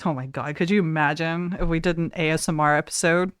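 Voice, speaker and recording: A woman hosting a casual podcast, chatty and quick to laugh, her voice trailing off softly at times. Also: sits low, fairly even intonation, clear, resonant tone, dry recording, studio quality. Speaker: podcast host.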